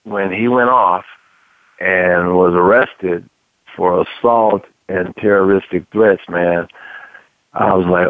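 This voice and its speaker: Man, casual sports radio talk, drawn-out delivery, dry close sound. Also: deep voice, steady tone, no echo, phone-quality sound. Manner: conversational, drawn-out, repeats "man". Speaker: sports talk show co-host, former football player.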